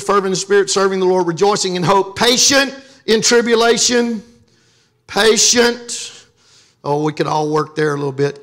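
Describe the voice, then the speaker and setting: A man's voice: high voice, fairly bright tone. A man from Louisiana preaching a sermon as pastor, joking and calling on the congregation to respond. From Louisiana, USA.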